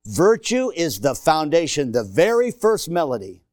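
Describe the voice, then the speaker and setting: A middle-aged man preaching a sermon in a church, swinging from shouted emphasis to hushed asides and joking with the congregation. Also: on the high side, sing-song, normal speed, dry recording, clean studio sound. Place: church sanctuary.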